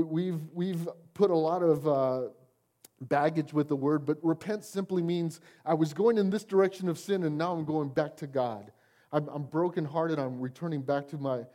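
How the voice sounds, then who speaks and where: A pastor's voice, fairly high in pitch and dark in tone, carries through a church sanctuary as he preaches. He talks with the congregation conversationally and frequently checks in with "Amen?"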